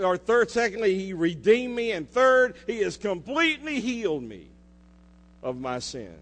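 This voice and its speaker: A pastor preaching a sermon, swinging between loud declarations and hushed asides and putting questions to the congregation. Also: male voice, a little high. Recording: reverberant hall with mains hum.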